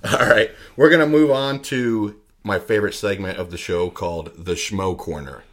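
A man hosts a relaxed podcast chat with a fairly low voice. He is upbeat, laughs easily and moves the talk along. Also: normal speed. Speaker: podcast host. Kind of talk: casual chat.

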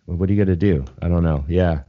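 A young man co-hosts a podcast, chatting casually as he rambles, swears freely and keeps restarting his sentences. His voice is low-pitched and fast, and the lo-fi recording sounds slightly dull.

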